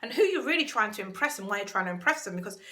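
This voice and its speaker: This is a British woman giving a motivational talk on her self-help channel. Her voice is bright and forward at an even middle pitch. She speaks earnestly and stresses her main points by saying them twice. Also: rapid-fire. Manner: earnest, emphatic, repeats key words.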